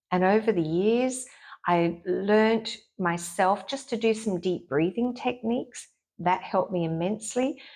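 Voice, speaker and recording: Woman, middle-aged, breathy edge, candid, animated storyteller, interview guest. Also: mid-range voice. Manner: frank and lively, acts out her own inner voice. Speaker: intuitive therapist guest.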